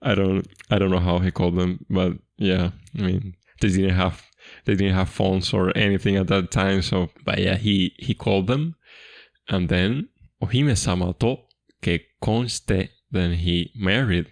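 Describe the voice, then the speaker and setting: A man teaching a language, explaining a folktale reading line by line in a relaxed, chatty way and often repeating himself. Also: low-pitched, moderate pace, vocal fry, no room sound, clean studio sound.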